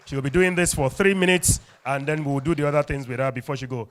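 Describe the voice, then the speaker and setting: A man with a Nigerian English accent hosting a live event, leading the crowd in energetic call-and-response. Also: on the high side, fast, hardly any pauses. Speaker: event host. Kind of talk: lively event emceeing. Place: event hall.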